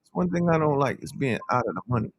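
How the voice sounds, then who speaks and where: A man coaching day trading as he trades live, talking in a chatty, animated way and speaking to the market out loud. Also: mid-range voice, fast talker, no echo.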